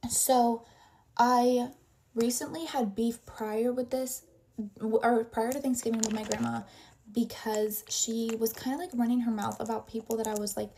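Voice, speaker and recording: A woman's voice: a little high, fairly even intonation, normal speed, vocal fry, mellow. Chatty young woman telling a story. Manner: rambling, full of "like" fillers. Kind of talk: casual storytime while getting ready.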